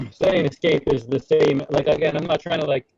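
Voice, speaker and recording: A man's voice: a little high, steady tone, moderate pace, gravelly, highs cut off, over a noisy crowd. A man playing a tabletop game who speaks in an unsure, hesitant way. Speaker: player.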